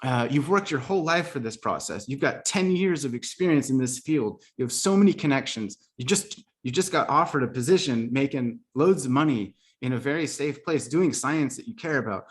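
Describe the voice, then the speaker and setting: A man's voice: medium pitch, animated, brisk, hardly any pauses, voice pushed up, natural voice. A man voicing his own fearful brain, nagging and scolding him. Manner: scolding, insistent.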